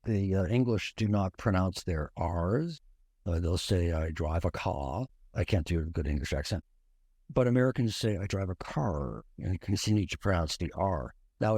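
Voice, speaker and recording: Low-voiced man explaining history. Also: a little mellow, dry recording, clean studio sound. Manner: thoughtful, explanatory, many restarts. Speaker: podcast guest. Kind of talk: conversational history discussion.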